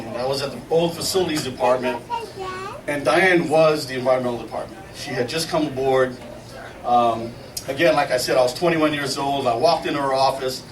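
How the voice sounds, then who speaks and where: At a memorial service in a gathering hall, a middle-aged man with a mid-range voice gives an informal storytelling eulogy, folksy and laughing, quoting people in lively voices. The recording is echoey and noisy, with him far from the mic.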